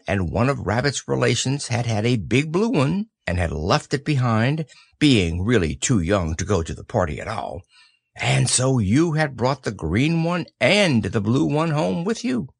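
A man reads a children's story aloud, gentle and unhurried. His voice is slow with a gravelly texture and swings through a lively melody. The sound is close and dry. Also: mid-range voice, dry recording.

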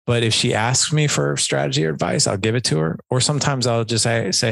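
A man talking casually as a podcast guest, a coach who explains things in a relaxed conversational way and acts out little bits of dialogue. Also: medium pitch, a little fast, gravelly, hardly any pauses, no room sound. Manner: conversational, filler-heavy, acts out quoted dialogue.

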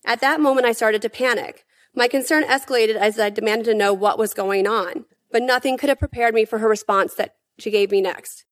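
Woman reading her testimony at a hearing, kinda high voice, earnest, slows down to stress stuff. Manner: earnest, emphatic, measured.

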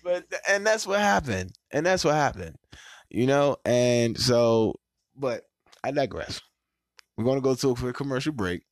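A man hosts his podcast and tells stories in loose, profane talk. His voice sits at a middle pitch but swings widely as he acts out what others said. The sound is dry and close to the mic. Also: moderate pace, no echo. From Washington, D.C. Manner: animated, profane, acts out quotes with big pitch jumps. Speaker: podcast host. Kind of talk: casual storytelling chat.

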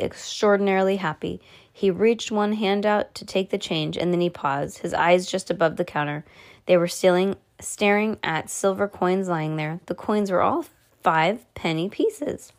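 Woman, storybook reading, expressive, slips and restarts. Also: on the low side. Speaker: reader to a child.

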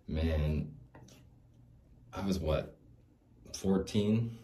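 A man with a very low voice talks alone on his podcast in a loose, rambling monologue. He restarts sentences, leans on filler words and swears casually. He laughs between thoughts as he drifts from one point to the next. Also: drawn-out words, mellow. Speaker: podcast host.

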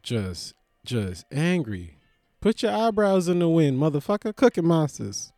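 Slow-talking young man, profane comic rambling. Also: no room sound. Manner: profane, swings from loud rants to low mutters. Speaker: vlogger. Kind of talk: rambling comedic monologue.

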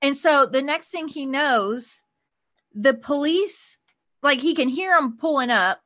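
A woman's voice: high-pitched, slow pace, fairly bright tone, dull audio. A woman hosting a podcast, chatting through a story with lots of "like" fillers. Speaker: podcast host. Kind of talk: casual storytelling.

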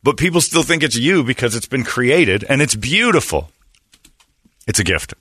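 A man's voice: medium pitch, big pitch swings, moderate pace, bright, forceful tone, husky, no room sound. A man hosting a talk show, talking in a brash, opinionated rant and laughing between points. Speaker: radio show host.

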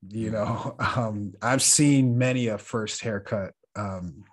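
A man's voice: fairly low pitch, slow. A man co-hosting a podcast, telling a story in an earnest, reflective way and laughing often. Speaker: podcast co-host. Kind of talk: casual storytelling chat.

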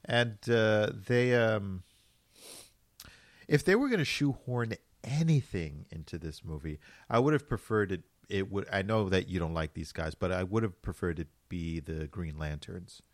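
A man's voice: low-pitched, lively intonation, unhurried, dry recording, clean studio sound. A man in casual movie review chat, rambling with hesitations and self-corrections.

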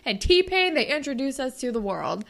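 A woman's voice: sits high, normal speed, gravelly. A young woman co-hosting a casual chat, laughing often and acting out lines as she recaps a TV episode. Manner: giggly, animated, acts out quotes. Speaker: podcast co-host.

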